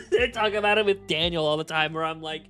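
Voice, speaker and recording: A young male streamer talks casually to his chat in a bright, forceful voice, animated and quick to laugh and swear. Faint music plays underneath. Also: a little high.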